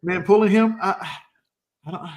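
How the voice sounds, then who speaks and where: Coach guy on a sports talk show, kinda high voice, breaks down plays, folksy and emphatic. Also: moderate pace. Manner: emphatic, acts out quotes, folksy. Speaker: co-host and coach.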